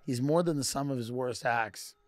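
A man playing a smooth-talking defense attorney pleading with a jury in a persuasive, measured way. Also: medium pitch, lightly acted.

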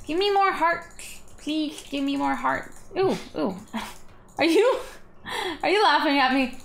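A squeaky, excitable nerd , as a woman puts it on, talks in a high, nasal voice that jumps up suddenly. The speech is drawn out and whiny, with eager squeals of delight. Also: slow, vocal fry, roomy sound, exaggerated voice. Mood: pleading.

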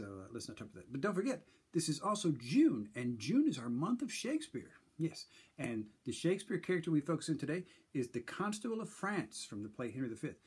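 Older guy hosting his morning show, kinda husky voice, rambly and laughing at himself. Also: medium pitch, a little mellow. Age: 60s. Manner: rambling, chuckling, self-deprecating. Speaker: host of a daily morning show. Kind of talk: casual morning monologue.

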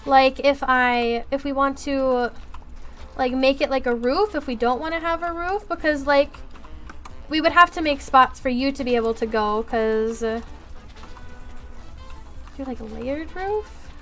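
A woman's voice: sits high, unhurried, long pauses, faint music behind. A young woman streaming a game, chatting casually and rambling with lots of filler words. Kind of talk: casual gaming chat.

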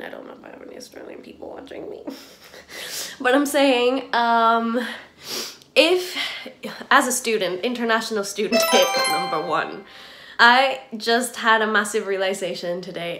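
Brief: young woman, student vlogger, slightly higher voice, nasal and stuffed-up, chatty and rambling. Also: fairly bright tone. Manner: rambling, giggly, lots of "like". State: stuffy, congested from hay fever. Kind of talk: casual chatty vlog. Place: at home, kitchen area.

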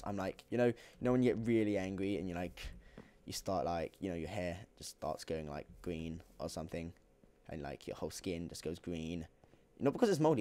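Excitable young man with a lively voice. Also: on the low side, fast, slight background noise. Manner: excitable, jokey, swings between shouting and muttering. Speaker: gaming YouTuber. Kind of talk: gameplay commentary.

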